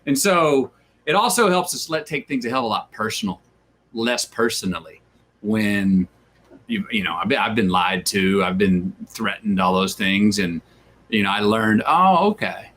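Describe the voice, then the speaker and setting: A man with a fairly low voice speaks at a moderate pace as an interview guest. Talking casually, he tells stories with animation, acting out the voices of the people he quotes.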